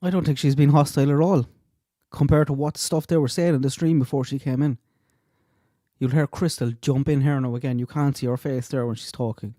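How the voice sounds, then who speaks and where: A man's voice: mid-range voice, fairly even intonation, brisk, mellow, no room sound, studio quality. A man hosting a true crime channel, commenting indignantly over clips. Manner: indignant, rhetorical questions.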